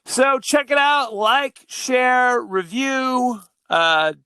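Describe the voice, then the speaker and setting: A man's voice: very high voice, animated, extremely slow, pushed and bright, smooth, dry recording. A man co-hosting a podcast, chatting casually about a movie in a rambling way, laughing often and using many fillers. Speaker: podcast co-host.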